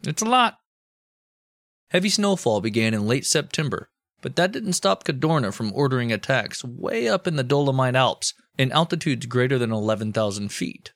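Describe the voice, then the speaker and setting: A man's voice: mid-range voice, animated, normal speed, dry recording, studio quality. A man co-hosting a comedy history podcast, narrating events with irreverent, profane asides. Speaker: podcast co-host.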